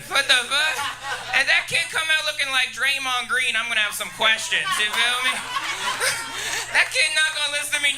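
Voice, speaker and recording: A man's voice: very high-pitched, fairly quick. A man doing a crude, punchy stand-up set on a comedy club stage, laughing at his own jokes. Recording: noisy live club room.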